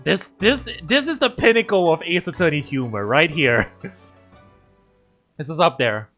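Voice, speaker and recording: A streamer giving giggly, animated commentary on a game and reading its lines aloud. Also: medium pitch, unhurried, faint music behind.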